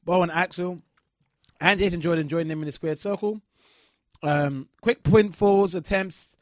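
A man's voice: high voice, steady tone, unhurried, no room sound, studio quality. A man hosting a wrestling chat show and interviewing a guest, eager and rambling with lots of fillers.

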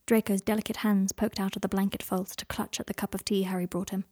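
Breathy woman reading a romance story. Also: mid-range voice, level tone, quick pace, darkish tone. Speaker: reader. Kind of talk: fan fiction audiobook reading.

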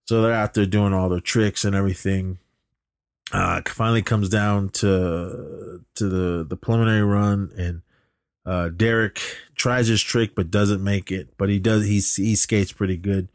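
A man hosts a podcast, walking through a movie's plot in a loose, rambling style full of fillers. His voice sits fairly low, and the sound is dry and close. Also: fairly even intonation, moderate pace, no room sound. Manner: rambling, filler-heavy storytelling. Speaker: podcast host. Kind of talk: casual movie recap.

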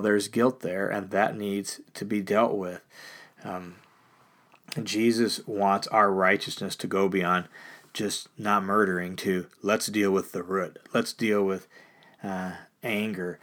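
A man preaching a sermon in an earnest, conversational way, often pausing to restate a point and asking his listeners direct questions. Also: mid-range voice. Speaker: pastor.

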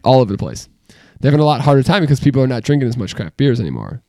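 A man's voice: mid-range voice, big pitch swings, racing, warm tone, no echo. A man co-hosting a casual podcast chat, telling stories in an emphatic, rambling way. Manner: chatty, storytelling, emphatic. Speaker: podcast co-host.

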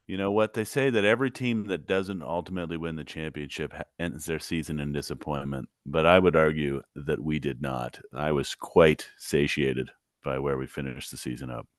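Male co-host, low deep voice, dry humor, casual podcast chat, close dry mic. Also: normal speed, no room sound. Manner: dry, joking, relaxed storyteller. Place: podcast studio.

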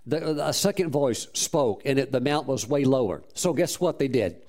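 A man's voice: medium pitch, lively intonation, normal speed, darkish tone. A man preaching a sermon as a pastor, telling a story with fervent praise and frequent restarts. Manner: repeats words while restarting phrases.

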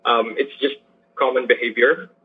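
A teacher who works with poor youth, speaking earnestly in an interview with frequent restarts and fillers. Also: male voice, medium pitch, steady tone, normal speed, a little hiss or hum. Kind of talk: interview over a remote line. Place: lives in Manila. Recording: tinny phone-like line.

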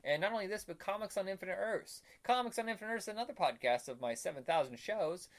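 A man hosting a casual podcast, excitable and swearing freely, laughing often. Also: high voice, fast. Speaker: podcast host.

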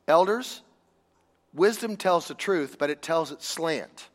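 A man's voice: fairly high pitch, animated, takes it slowly, in a large hall. A man preaching a sermon in a conversational, emphatic way, stopping for rhetorical questions.

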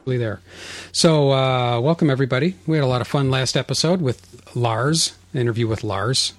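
A man's voice: mid-range voice, normal speed, no echo. A man hosting a podcast, bantering and joking at his own expense in casual chat. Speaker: podcast host.

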